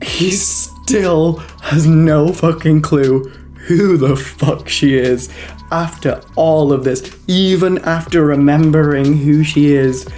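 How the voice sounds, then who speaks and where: Snarky low-voiced woman reviewing a movie. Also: warm tone. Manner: snarky, mocking, peppered with swearing and "like". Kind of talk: casual sarcastic review vlog.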